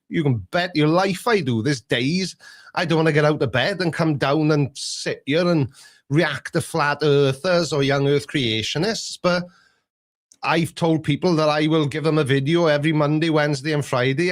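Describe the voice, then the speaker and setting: A man's voice: a little high, normal speed. A man with a Welsh accent hosting a call-in show, talking in a chatty, self-deprecating, storytelling way. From Wales. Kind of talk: casual chat.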